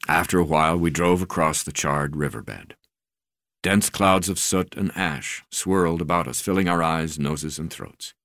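A man reading a memoir aloud as an audiobook narrator, in a measured, deliberate way. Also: very deep voice, a bit bright, no echo, clean studio sound.

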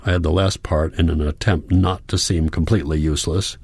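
Man narrating in first person, deep voice, calm and reflective, dry close mic. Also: brisk, vocal fry, husky, no room sound. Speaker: audiobook narrator.

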